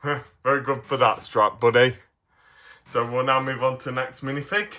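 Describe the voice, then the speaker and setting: A man's voice: medium pitch, little pitch movement, normal speed, pushed and bright. A man reviewing toy figures in a casual, playful way, giggling often.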